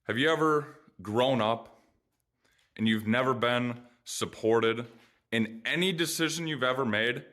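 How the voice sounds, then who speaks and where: A man's voice: mid-range voice, measured pace, a bit bright. A young man vlogging about his own life, blunt and profane, moving between joking and frustrated ranting. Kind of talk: casual personal vlog.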